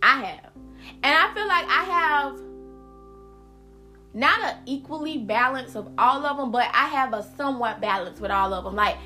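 A woman's voice: sits high, lively intonation, normal speed, sharp tone, faint music behind. A woman from South Carolina with a Geechee accent, hosting a casual solo podcast, chatty and emphatic, repeating words and using slang. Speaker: podcast host.

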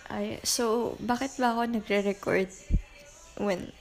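A young Filipino woman with a Filipino accent, hosting a personal podcast, talking slowly and haltingly in a tearful state, mixing English and Tagalog. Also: medium pitch, steady tone, soft background music. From Philippines. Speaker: podcast host.

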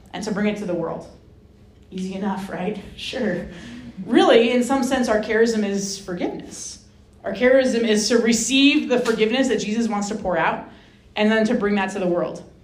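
Woman telling a lively story in an echoey hall. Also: mid-range voice. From Rhode Island, USA. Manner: lively, self-mocking, acts out voices in her stories. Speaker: guest speaker, Franciscan sister. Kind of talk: personal storytelling talk. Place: hall with an audience. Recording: roomy echo.

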